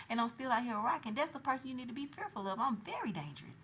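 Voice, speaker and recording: Loud, profane woman vlogging. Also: on the high side, quick pace, few pauses. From Atlanta, USA. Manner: loud, profane, animated, swings between shouting and hushed asides. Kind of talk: casual storytelling monologue. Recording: noisy background.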